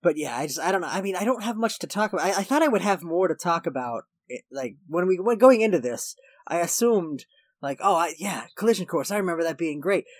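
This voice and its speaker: A man's voice: high voice, animated, fast talker, no echo, clean studio sound. A man co-hosting a casual podcast, rambling through a movie recap with restarts and laughs. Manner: rambling, self-correcting, laughs while recapping. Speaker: podcast co-host.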